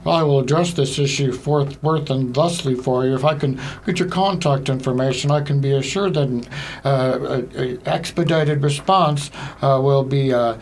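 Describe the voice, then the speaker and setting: A man's voice: medium pitch, a little hiss or hum, close to an everyday voice. A man doing a pompous male phone-service agent. He speaks in stiff, overly formal corporate jargon and stumbles through his phrasing. His timbre is pushed away from his natural sound. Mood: mock-formal. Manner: stilted corporate jargon, halting.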